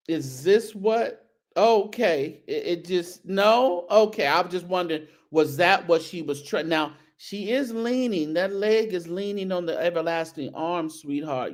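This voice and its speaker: A man's voice: a little high, a little mellow. A male show host giving casual, teasing commentary on outfits, sprinkling in churchy phrases. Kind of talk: casual fashion commentary on a video.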